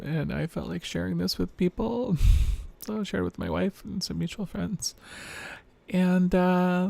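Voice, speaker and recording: This is a woman whose low, androgynous voice still comes across as mostly male, with a rough, fry-laden edge. She talks in a loose, rambling video-diary way, reflective and self-deprecating. She sounds worn out, as if recording at the end of a long day. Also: mellow. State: tired, late at night.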